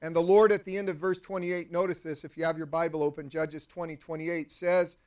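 A man's voice: fairly high pitch, level tone, brisk, a little mellow. A male pastor preaching a sermon in a conversational way, often putting questions to the congregation.

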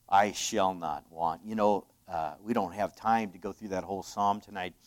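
Male pastor, sermon, earnest, mid-pitched voice, loud swells and hushed asides.

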